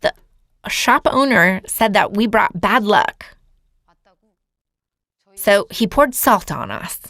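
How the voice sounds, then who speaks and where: A woman's voice: medium pitch, sing-song, slow, a bit bright, dry recording. Earnest woman telling her story. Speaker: seminar speaker. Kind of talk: personal testimony lecture.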